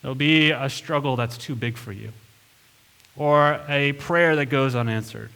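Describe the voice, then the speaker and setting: A man's voice: medium pitch, a little slow, a bit bright, clean tone. Man preaching an earnest sermon. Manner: earnest, emphatic, leans into quoted lines. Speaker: pastor. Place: church sanctuary.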